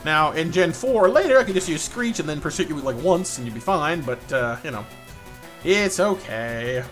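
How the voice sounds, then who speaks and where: A man live-streaming a game and reading chat aloud, talking fast and excitably, stuttering and repeating words, laughing often. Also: on the high side, faint music behind.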